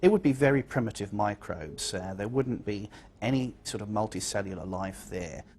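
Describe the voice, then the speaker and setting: A man, a scientist, gives interview answers in a low, slightly husky voice. He explains his points thoughtfully, with occasional fillers as he gathers his words. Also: normal speed, darkish tone.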